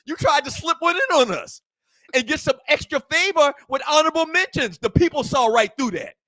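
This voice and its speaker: A man with a high-pitched voice co-hosts a sports podcast. He teases and jokes with his co-host and breaks into laughter often. The sound is dry and close. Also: lively intonation, fairly quick, pushed and bright, no room sound. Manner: teasing, playful, laughs often. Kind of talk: casual sports talk banter.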